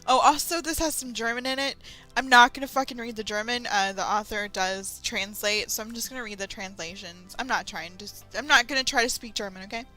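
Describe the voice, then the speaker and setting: Bright-voiced young woman reading fan fiction. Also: fairly high pitch, fairly quick, soft background music. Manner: laughing, swearing, sarcastic asides. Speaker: fan fiction reader and host. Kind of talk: dramatic reading with comic asides.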